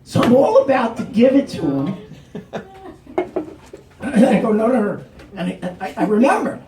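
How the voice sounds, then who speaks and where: A man's voice: extremely high pitch, normal speed, a crowd in the background. A middle-aged man telling a personal story live, acting out the other people's lines. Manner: animated, acts out the cops' lines. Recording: roomy, distant mic.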